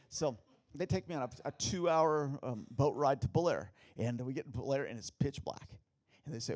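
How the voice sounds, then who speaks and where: Man, pastor, sermon, storytelling, husky voice, lively pitch, rhetorical questions. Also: brisk.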